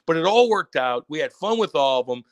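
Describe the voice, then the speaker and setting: Slightly high and fairly quick, this podcast co-host's voice comes through in a dry recording. He tells a rowdy story in casual, profane conversation, acting out the quotes with gusto.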